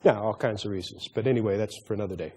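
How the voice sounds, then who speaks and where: A man's voice: lowish voice, very fast, dark tone, breathy edge. A man teaching a Bible study sermon, telling stories and jokes, often stumbling and repeating words as he goes. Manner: stammering repeats, storytelling with a joke. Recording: long hall reverb.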